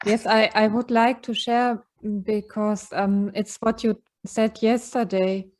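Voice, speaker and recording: A woman with a German accent, a retreat participant sharing softly and hesitantly with many fillers. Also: on the high side, flat delivery, slow pace. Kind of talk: sharing in a group session.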